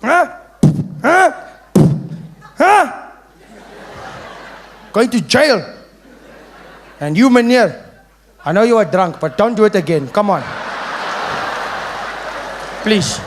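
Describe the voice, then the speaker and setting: A man's voice: sits high, very animated, slow, long pauses, a little hiss or hum, exaggerated voice. A man putting on a barking policeman. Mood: bullying. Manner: barking, bullying. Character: barking male apartheid-era policeman.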